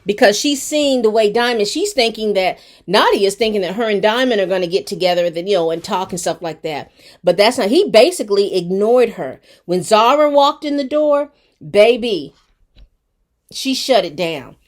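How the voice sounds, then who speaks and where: A woman's voice: mid-range voice, animated, moderate pace. A woman giving a casual, chatty recap and review of a TV episode, talking straight to her viewers. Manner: chatty and colloquial, addressing viewers directly. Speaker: TV show reviewer.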